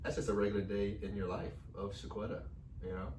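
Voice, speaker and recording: A man's voice: on the low side, little pitch movement, fast talker, darkish tone. A man co-hosting a podcast with his partner, chatting casually and joking with frequent laughs. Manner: playful, joking, laughs often. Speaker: podcast co-host. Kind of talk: casual chat. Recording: roomy echo, distant mic, faint noise.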